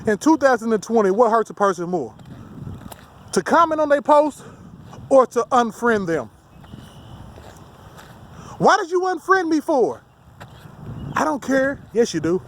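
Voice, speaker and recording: A man's voice: very high-pitched, lively intonation, moderate pace, a little hiss or hum. A man delivering a heated, profane, rambling rant as a solo vlogger. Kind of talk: ranting monologue to camera.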